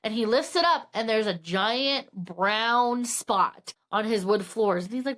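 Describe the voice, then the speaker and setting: High-voiced young woman recapping a thriller. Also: a little slow. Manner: animated, acts out characters' lines, swears casually. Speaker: podcast co-host. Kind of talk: casual book recap chat.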